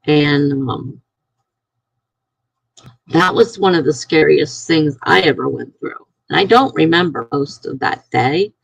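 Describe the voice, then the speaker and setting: A middle-aged woman casually telling a personal story on a live stream, rambling and halting with many restarts. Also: low voice, gravelly, breathy edge, no echo, poor audio.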